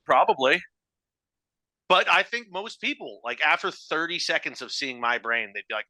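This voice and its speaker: Podcast dude, crude jokes, super bright tense voice. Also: male voice, on the high side, animated, normal speed, dry recording. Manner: joking, crude humor, laughs. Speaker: podcast co-host. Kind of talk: casual chat.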